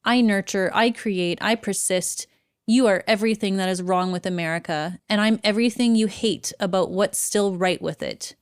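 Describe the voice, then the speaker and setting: A woman's voice: mid-range voice, moderate pace, smooth, no echo, clean studio sound, natural voice. Defiant outspoken celebrity woman, as a woman puts her on. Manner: declaiming a defiant open letter.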